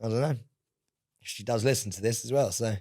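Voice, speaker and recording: A man's voice: medium pitch, brisk, warm tone. A man co-hosting a podcast, telling a rambling story in casual chat, laughing and swearing often. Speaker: podcast co-host.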